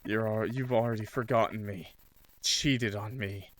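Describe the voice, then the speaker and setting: A bitter ghost of a dead young man, as a man puts him on hurls low, cold accusations at the one he left behind. The delivery is heavy and slow, level pitch sinking into quiet reproach. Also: steady tone, natural voice. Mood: resentful.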